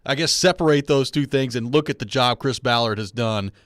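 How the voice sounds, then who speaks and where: Man, sports radio host, earnest long questions, mid pitch, dry close mic. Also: fairly quick, fairly bright tone, no room sound. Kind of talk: radio talk and live read promo.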